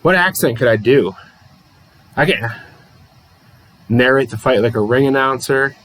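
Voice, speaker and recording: A man's voice: medium pitch, lively intonation, measured pace, fairly bright tone, poor audio. A man from the Pittsburgh area hosting a livestream, calling a tabletop wrestling card game play by play, reading chat and laughing often at himself. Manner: chatty, laughs often, self-deprecating.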